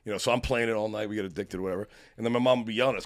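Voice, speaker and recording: A man's voice: on the low side, steady tone, racing. A man in his forties hosting a podcast, chatting casually, swearing often and laughing a lot. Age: 40s. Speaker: podcast host. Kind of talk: casual chat.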